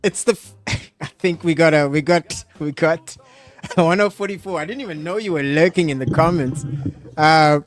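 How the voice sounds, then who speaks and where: A man hosting a casual live stream, animated and hesitant, laughing often as he talks. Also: a little high, normal speed, soft background music. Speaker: host.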